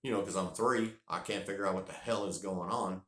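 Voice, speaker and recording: Speaking a little fast in a low voice, a vlogger from North Carolina rambles through a folksy, casual story. He repeats words when excited, and the sound is roomy.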